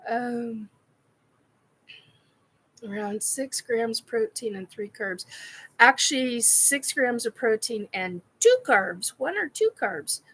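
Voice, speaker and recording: Slow-talking giggly woman streamer. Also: on the high side, lively intonation, a bit bright, husky. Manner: giggly, swears often, answers chat comments. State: giddy and laughing. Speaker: live stream host. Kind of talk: casual live chat reacting to a painting video.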